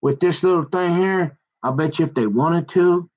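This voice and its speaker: A man with a slightly high voice rambles through a loose, colloquial monologue. He jumps from thought to thought and slips into quoted voices. The phone recording sounds dull and lo-fi. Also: normal speed.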